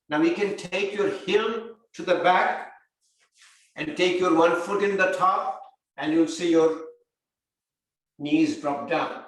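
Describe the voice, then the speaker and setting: An older man teaching yoga therapy, giving calm guided instruction and repeating breathing cues. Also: high-pitched. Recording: very echoey room, mic far off.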